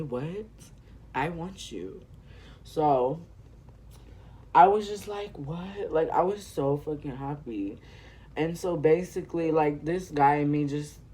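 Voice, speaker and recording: Sassy, profane teen vlogger. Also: male voice, fairly high pitch, mellow. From California. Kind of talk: storytime while doing makeup.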